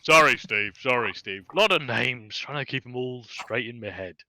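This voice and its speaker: Brief: man doing a jolly fat sea captain, loud and slow, crisp bright tone. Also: lively intonation, no echo, low-quality recording. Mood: jovial. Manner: booming, slow, hearty. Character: jovial loud fat male ship captain.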